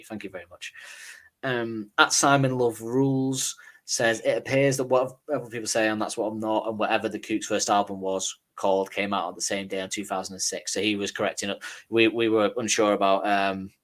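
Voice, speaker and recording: A man's voice: on the low side, fairly even intonation, normal speed, fairly bright tone. A man with a Northern English accent, co-hosting a podcast and chatting casually through listener messages with an easygoing, swearing, self-deprecating manner. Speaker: podcast co-host.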